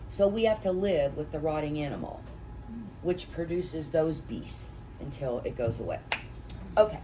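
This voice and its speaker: Low-voiced woman trainer, distant mic. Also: lively intonation, moderate pace. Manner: folksy, anecdotal, chatty storytelling. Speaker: real estate trainer. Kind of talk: classroom training talk. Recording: distant mic with room noise.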